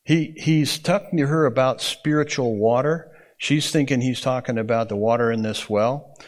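A man teaches a Bible interpretation class as a classroom lecture, his mid-range voice at a normal speed. His explanations are folksy, and he frequently checks in with the students.

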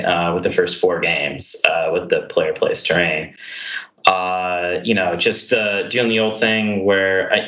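A man with a slightly low voice talks through his games on a podcast. He hesitates often and restarts his sentences, poking fun at himself. The sound has a roomy echo. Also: sharp tone. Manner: hesitant, full of ums and restarts, self-deprecating. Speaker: podcast guest, tournament player. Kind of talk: casual podcast chat.

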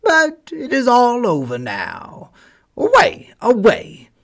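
A man voicing a hoarse old male yard dog that barks its warnings. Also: very high-pitched, wildly swooping pitch, slow, a bit bright, pitched above the performer's own voice, exaggerated voice. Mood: mournful. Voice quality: hoarse, barking.

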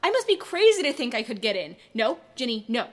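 A woman's voice: on the high side, very animated, fairly quick. A woman voicing a nervous seventeen-year-old girl on her way to an audition, muttering an anxious, self-scolding inner monologue. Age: teens.

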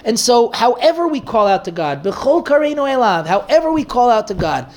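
A man's voice: extremely high pitch, big pitch swings, fairly quick. A man leading an informal Torah study class, thinking aloud frequent restarts and fillers. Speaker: Torah teacher.

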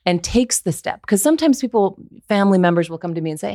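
A woman's voice: medium pitch, expressive, fast talker, dark tone, dry recording, clean studio sound. A woman voiceover actor, a guest on a podcast, talking in a candid, earnest way as she thinks aloud. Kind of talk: casual interview chat.

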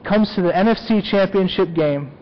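A man's voice: high-pitched, normal speed, highs cut off. A man preaching a sermon as a pastor, talking conversationally and often checking in with "okay?".

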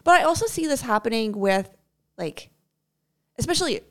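A woman co-hosting a podcast in casual chat, animated and laughing, quoting herself as she talks. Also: fairly high pitch, normal speed. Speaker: podcast co-host.

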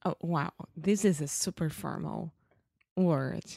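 A woman's voice: low-pitched, slow pace, gravelly, mellow, dry recording, studio quality. A woman, a learner in a casual lesson, giggling and carefully repeating words. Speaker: English learner.

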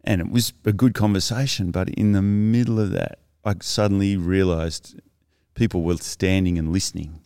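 A middle-aged man, a podcast guest telling his personal story in a reflective, halting way with many restarts. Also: low voice, steady tone, mellow, clear, resonant tone, no room sound, clean studio sound. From Australia.

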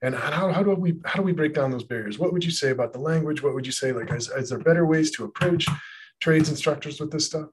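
A man's voice: fairly high pitch, fast talker, slight background noise. A man co-hosting a podcast on trades teaching, talking casually and with energy, often stopping to read quotes aloud. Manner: animated, reads quotes aloud, many restarts. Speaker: podcast co-host, educational developer. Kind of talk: casual conversational podcast chat.

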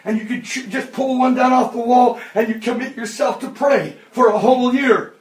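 A man in his fifties preaching a sermon, impassioned and often shouting. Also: extremely high pitch, fairly even intonation, moderate pace. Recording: echoey hall, distant mic.

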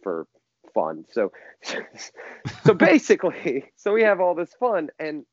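A man telling a long story as a podcast guest, rambling and animated, with many restarts and fillers. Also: a little high, slow, dry recording, lo-fi sound. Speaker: musician guest.

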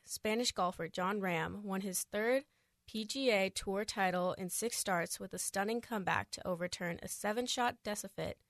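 Woman sports reporter, steady scripted radio read, dry close mic. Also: mid-range voice, no room sound. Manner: steady newsreader delivery. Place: radio studio.

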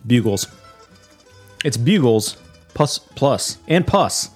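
Man cracking crude deadpan jokes. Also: medium pitch, slow, slightly rough, faint music behind. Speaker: podcast co-host. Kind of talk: casual comedic chat.

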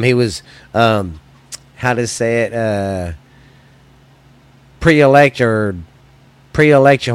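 An American man in the middle of a heated, rambling solo rant, swearing freely as he talks straight to his listeners. His voice sits at an ordinary middle pitch. The sound is dry and close, with no room echo. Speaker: podcast host.

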